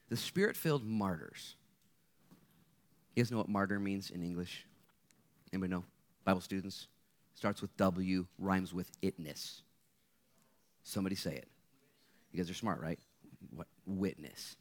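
A man, a guest speaker, preaching a lively sermon to students at a live gathering, playful and energetic, jumping from loud bursts to hushed asides. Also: deep voice, normal speed, pauses often.

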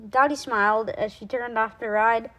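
A woman reading a children's storybook aloud, lively and with small slips she corrects. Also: fairly high pitch, moderate pace, lo-fi sound.

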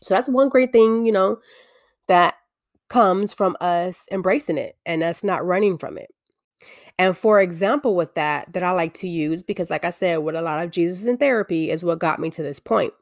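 A woman's voice: fairly low pitch, moderate pace, dry recording, clean studio sound. A woman giving an earnest, confessional faith-based talk, often restarting her sentences.

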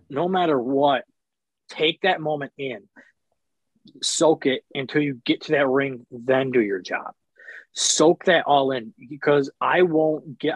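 A man's voice: medium pitch, no room sound, lo-fi sound. A man, a professional wrestler, telling rambling profane stories in casual chat, often stopping to apologize.

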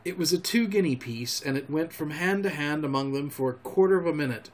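A man hosting a storytelling show, reading a classic novel aloud in a calm, homely way. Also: fairly high pitch, a little fast. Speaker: storyteller host.

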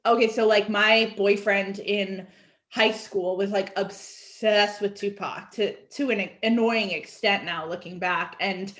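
A woman's voice: mid-range voice, steady tone, slow pace, fairly bright tone. A young woman author talking casually as a podcast guest, bubbly and full of fillers. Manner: bubbly, says "like" a lot. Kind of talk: casual interview chat.

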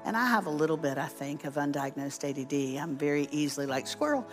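A woman guest speaker preaches a storytelling sermon with soft music in the background. Her deep, expressive voice moves fast as she tells a humorous story, pokes fun at herself, and acts out what people said.

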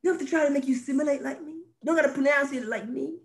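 A male podcast co-host in faith-based conversation, animated and preachy, acting out little scenes and repeating his key phrases. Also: very high voice, racing, vocal fry.

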